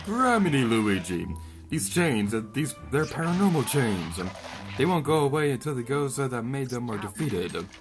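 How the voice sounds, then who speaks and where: Animated man doing game commentary. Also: mid-range voice, moderate pace, over music. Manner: animated, jokey, rants and yells at enemies. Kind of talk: let's play commentary.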